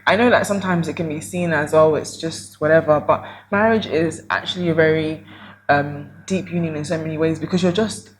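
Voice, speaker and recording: Young woman, lowish voice, earnest and thoughtful, bit of background hiss. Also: brisk, low-quality recording. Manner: earnest, reflective. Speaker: podcast co-host. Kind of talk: casual couple chat.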